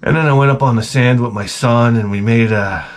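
A man hosting a comedy podcast, telling crude personal stories. He rambles and swears freely, with a deadpan delivery at a mid pitch. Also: a little fast. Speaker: podcast host.

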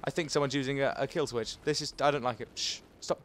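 A man's voice: mid-range voice, fairly even intonation, fast. A man giving live gameplay commentary as a gaming video host, swinging between frustrated outbursts and muttered asides.

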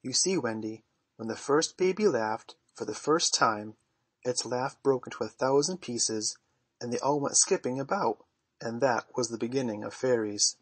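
A man's voice: medium pitch, lively intonation, moderate pace, husky, dry recording. A man reading aloud, voicing a cocky, merry boy who talks in a boastful, offhand, good-natured way.

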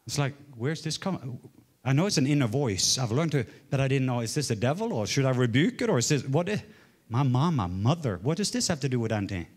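A man in his forties from Norway, preaching a sermon as a story, swinging from loud exclaims to hushed murmurs. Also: mid-range voice, big pitch swings, fast talker, husky. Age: 40s. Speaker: guest preacher.

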